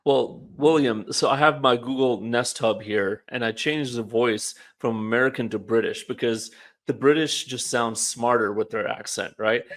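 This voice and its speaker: A man's voice: mid-range voice, normal speed, a bit bright. A man co-hosting a political talk show, casual and wry, musing aloud with rhetorical questions. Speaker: podcast co-host. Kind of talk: political commentary chat.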